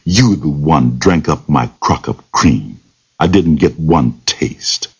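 A man voicing a scheming, sly male fox in a told folktale, with a slow menacing drawl. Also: extremely low pitch, lively intonation, slightly rough, heavily acted. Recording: dull lo-fi recording.

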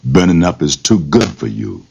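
A man voicing a scheming, sly male fox in a told folktale, with a slow menacing drawl. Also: rumbling low, big pitch swings, creaky, darkish tone, slight background noise, heavily acted. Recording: dull lo-fi recording.

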